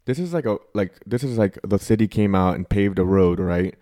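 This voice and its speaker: A man's voice: on the low side, brisk, mellow. A man co-hosting a podcast who rambles through analogies, says "like" constantly and swears casually. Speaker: podcast co-host.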